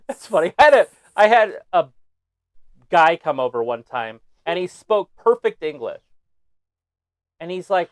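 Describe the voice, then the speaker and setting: Man co-host, lively storyteller with swinging intonation, loose and jokey. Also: on the high side, moderate pace, long pauses. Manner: animated storyteller, jokes and swears casually. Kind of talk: casual live-stream chat.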